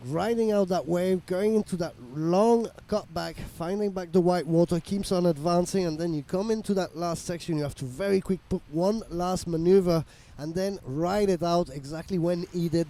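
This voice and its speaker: A man's voice: sits high, moderate pace, mellow. Man calling surf heats. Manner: reads viewer messages, slips into Spanish and French. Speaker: surf commentator. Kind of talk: live sports commentary.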